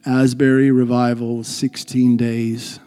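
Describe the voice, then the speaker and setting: Slow, mellow-voiced pastor. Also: male voice, mid-range voice, level tone, faint music behind. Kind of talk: sermon.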